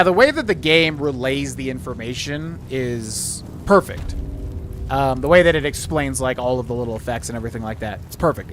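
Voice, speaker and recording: In a casual let's-play, a man streams a video game and thinks aloud through a puzzle, filling his chat with lots of fillers. His voice is mid-range and fairly bright over slight background noise.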